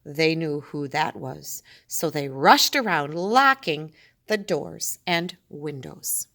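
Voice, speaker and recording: A woman's voice: deep voice, expressive, slow, gravelly, fairly bright tone. A woman reading a children's picture book aloud, breaking off for chatty asides to her listeners.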